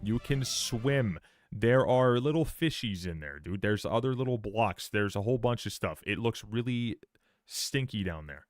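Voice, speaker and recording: A man's voice: on the low side, lively intonation, normal speed, dry recording. A man streaming live, reacting to a game trailer in sarcastic, profane commentary, often repeating words and restarting his sentences.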